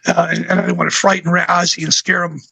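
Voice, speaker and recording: Gravelly high-voiced older man telling stories. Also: little pitch movement, fast, bright, forceful tone, no echo. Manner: rambling anecdotal storyteller with many fillers. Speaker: musician guest. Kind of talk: casual interview storytelling.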